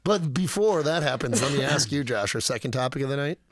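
Male podcast co-host, joking and profane, lively and a bit gravelly. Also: mid-range voice, brisk, no echo. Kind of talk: casual chat.

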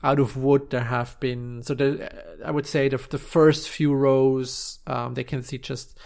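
A man narrating a tabletop game scene as game master, halting and searching for words with many restarts. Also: mid-range voice, level tone, gravelly, a little mellow.

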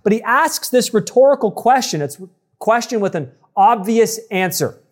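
A man with a high-pitched voice preaching an expository sermon. He teaches with emphasis, repeating key points and speaking straight to the congregation. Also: animated, normal speed. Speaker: pastor.

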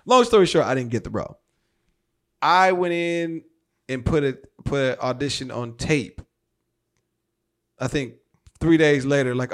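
A man, an actor, telling a story in casual, slangy talk, animated and swearing freely. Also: mid-range voice, unhurried, long pauses. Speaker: actor guest.

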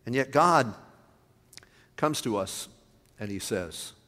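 A man's voice: medium pitch, animated, slow, fairly bright tone. A man who is a pastor, preaching a sermon with emphatic rises and drops in his voice. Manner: emphatic preaching, voice rising and falling. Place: church sanctuary. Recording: long hall reverb.

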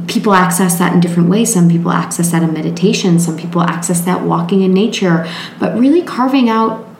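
A woman's voice: medium pitch, darkish tone. A woman speaks in a reflective, teaching manner about inner growth, her voice sitting in the middle of the usual range. The room around her is echoey, and faint noise stays underneath. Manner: reflective, self-help teaching tone. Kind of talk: casual spiritual chat.

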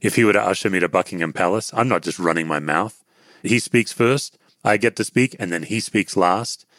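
A man's voice: sits low, a bit bright, dry recording, studio quality. An Australian man, a podcast guest and author, answering interview questions in an earnest, reflective, pastoral way.

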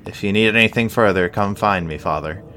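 Man putting on a fussy halfling healer, curt, clipped, low voice. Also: brisk, pushed and bright. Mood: brisk.

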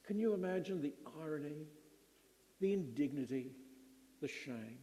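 A middle-aged man preaching a sermon, slow and emphatic with dramatic pauses. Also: fairly high pitch, lively intonation, dark tone, in a large hall.

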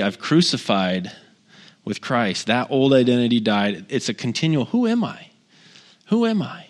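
A man in his thirties preaches in a relaxed, conversational way, his voice sitting at an ordinary middle pitch. He leans on repetition to drive points home and turns to the congregation with friendly asides. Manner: earnest, repeats key phrases for emphasis; talks directly to the congregation with asides. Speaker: guest pastor. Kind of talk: conversational sermon.

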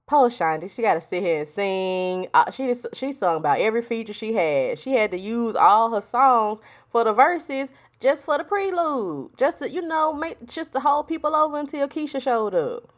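A woman's voice: fairly high pitch, lively intonation, normal speed. A woman hosting a solo podcast, talking in a blunt, sassy, profane casual way. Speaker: podcast host. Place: home, with a storm outside.

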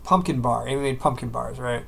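A man's voice: mid-range voice, fairly even intonation, a little fast, creaky, husky. A man in his thirties telling stories in a casual chat, swearing and sounding exasperated. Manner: profane, exasperated storytelling.

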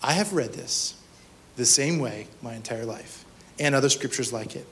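A man, a pastor, preaching a sermon at a church service in a conversational, animated way, often asking the congregation questions. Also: medium pitch, normal speed, slight background noise.

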